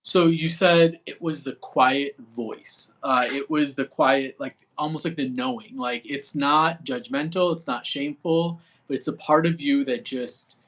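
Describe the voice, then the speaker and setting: Halting, reflective male host. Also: medium pitch, fairly even intonation, a bit bright, a little hiss or hum, rough recording. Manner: halting, reflective, many fillers. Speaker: podcast host. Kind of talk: casual interview chat.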